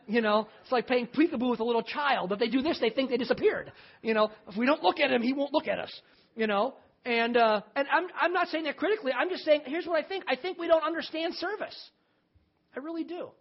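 Middle-aged pastor preaching conversationally. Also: male voice, very high voice, lively intonation, fairly quick. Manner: conversational, emphatic preaching with folksy humor. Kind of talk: sermon. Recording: slightly dull lo-fi sermon recording.

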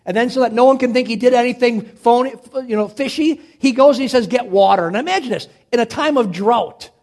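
High-voiced man retelling a Bible story. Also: a little fast. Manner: dramatic retelling, swings from loud to hushed. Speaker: preacher. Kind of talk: animated Bible storytelling sermon.

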